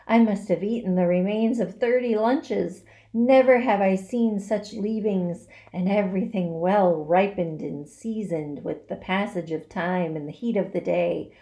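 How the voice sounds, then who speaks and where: A woman voicing a bloated, sneering male rat with a husky, hoarse voice. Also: mid-range voice, a little slow, hardly any pauses, warm tone, close to an everyday voice. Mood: gloating.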